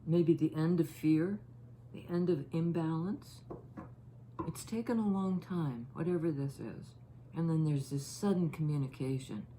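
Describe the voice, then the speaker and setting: A woman giving a casual tarot reading, musing and halting as she thinks aloud over each card. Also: sits low, mellow, a little hiss or hum. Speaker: tarot reader.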